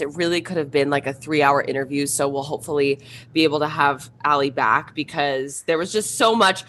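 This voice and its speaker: Upbeat woman co-host with a deep voice. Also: a bit bright, slight background noise. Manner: upbeat, gushing. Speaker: podcast co-host. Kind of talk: casual chat.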